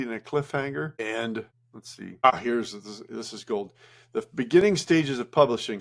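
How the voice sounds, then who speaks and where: A man casually recapping workshop notes while sharing his screen, rambling and correcting himself as he goes. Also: mid-range voice. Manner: rambling, self-correcting, chatty. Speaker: business vlogger.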